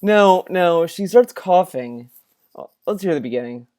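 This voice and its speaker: A man giving reaction commentary on a clip, rambling and halting with many restarts and fillers. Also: sits high, lively intonation, darkish tone, clean tone. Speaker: commentary video host.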